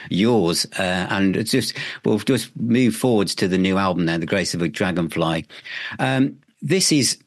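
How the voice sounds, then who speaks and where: Low-voiced podcast host. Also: male voice, animated, unhurried, no echo, studio quality. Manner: enthusiastic, long rambling questions. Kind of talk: podcast interview.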